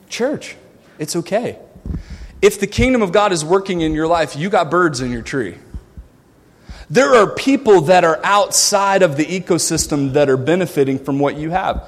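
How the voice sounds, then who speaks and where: High-voiced Southern preacher in a big hall. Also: male voice, animated, moderate pace. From the American South. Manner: dynamic preaching, swinging from loud exhortation to quiet asides. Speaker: pastor. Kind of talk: sermon.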